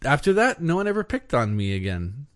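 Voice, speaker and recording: A man co-hosting a podcast, chatting casually with dry, deadpan quips and questions. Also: mid-range voice, brisk. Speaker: podcast co-host. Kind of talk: casual chat.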